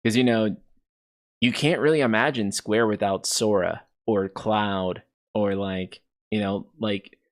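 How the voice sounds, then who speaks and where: A man in his thirties talks casually to his stream chat, with a low voice and a gravelly rasp. He rambles along, filling his sentences with "you know" and "like". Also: steady tone, unhurried. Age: 30s. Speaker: streamer host. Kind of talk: casual livestream commentary.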